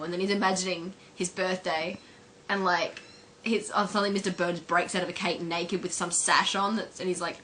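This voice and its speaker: A woman's voice: fairly low pitch, fairly even intonation, normal speed, a bit bright, a little hiss or hum. A woman vlogging at home while her sister films her, chatting and giggling as she retells favourite scenes, with lots of fillers.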